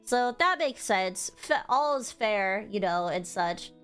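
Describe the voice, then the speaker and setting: A woman's voice: medium pitch, animated, slow, a bit bright, clean tone. A young woman streamer telling a story in casual, rambling livestream chat, emotional and swearing freely. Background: faint music.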